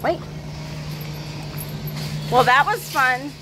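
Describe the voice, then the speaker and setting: Over a noisy background, a woman speaks very slowly with lively intonation as she vlogs a pet store visit. She's cheerful and fond with her viewers and uses a high voice to talk to her dogs.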